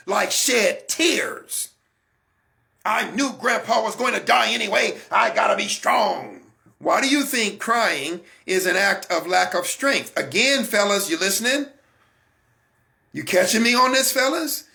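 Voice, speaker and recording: Man, faith talk host, slow, gravelly, bright voice, preachy and animated. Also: high-pitched. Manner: animated, preachy, addresses listeners directly.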